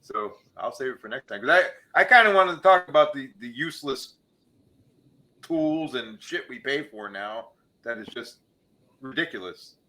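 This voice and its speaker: A man hosting a casual podcast, telling bar jokes with lively character voices. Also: normal speed. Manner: animated joke-teller, changes pitch for each character. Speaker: podcast host.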